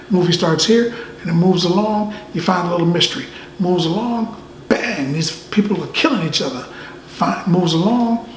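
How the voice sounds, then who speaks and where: A man giving a casual movie review, easygoing and animated, often tacking "man" onto his sentences. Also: high-pitched, moderate pace. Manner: laid-back, says "man" often, animated asides. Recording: echoey room, faint ambient noise.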